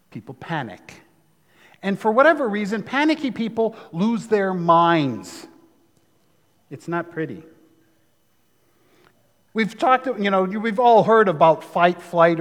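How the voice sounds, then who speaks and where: A man's voice: sits high, a bit bright, in a large hall. A man preaching a sermon, talking conversationally with asides. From United States. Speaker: pastor.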